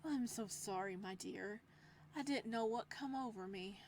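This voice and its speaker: Woman voicing a soft-spoken obsessive librarian man. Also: a little high, animated, slight background noise. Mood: gentle, doting. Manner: slow, gentle, controlled, with menace beneath. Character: possessive soft-spoken male librarian captor. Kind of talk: reading a visual novel aloud.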